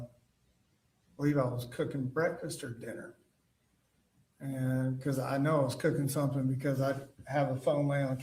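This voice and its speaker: A man giving witness testimony in court, telling his story haltingly with lots of fillers and restarts. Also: medium pitch, a little mellow, a little hiss or hum. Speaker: trial witness. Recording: roomy, distant courtroom mic.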